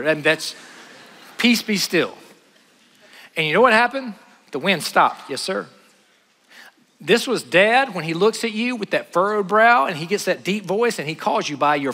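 A man preaches with a bright, forceful voice, leaping from loud pleading to quiet, and acting out scripture scenes in playful voices. His voice rings with the long reverb of a large hall. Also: a little high. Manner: animated, acts out Bible scenes in voices. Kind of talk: sermon.

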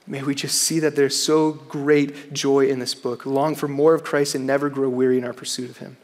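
A man's voice: mid-range voice, flat delivery, normal speed. A young man giving an earnest chapel sermon to students, often saying "man". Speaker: campus chapel speaker. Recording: hall reverb.

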